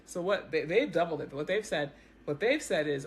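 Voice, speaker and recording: A woman talking straight into her own camera, explaining the news in a loose, animated way and often doubling back on her words. Her voice is clear, with a faint hum of noise behind her. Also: sits low, brisk. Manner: animated, repeats words, talks straight to viewers. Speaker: news commentary vlogger. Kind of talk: casual explanatory commentary to camera. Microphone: self-recorded camera setup.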